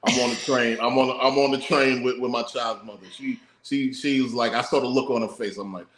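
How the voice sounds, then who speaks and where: A man's voice: medium pitch, steady tone, brisk, fairly bright tone, echoey room. A man co-hosting a podcast, musing in a laid-back, profane way. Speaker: podcast co-host. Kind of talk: casual podcast chat.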